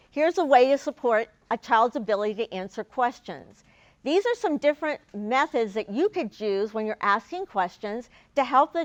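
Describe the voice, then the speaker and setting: Woman presenter, slightly high voice, clear and deliberate with stressed key words; dull lo-fi dry recording. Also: no room sound. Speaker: presenter of a training video. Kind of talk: instructional talk to educators.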